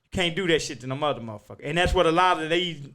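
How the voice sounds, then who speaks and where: A man hosting a podcast, talking in a loud, emphatic, profane way that swings between shouting and muttering. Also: fairly high pitch, racing. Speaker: podcast host. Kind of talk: casual chat.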